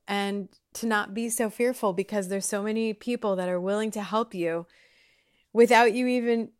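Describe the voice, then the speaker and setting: A woman talking casually and heartfelt to her viewers from home, chatty and rambling as she reflects on the people she relies on. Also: medium pitch. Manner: warm, chatty, rambling with fillers. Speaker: vlogger sharing personal reflections. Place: home, kitchen or dining table.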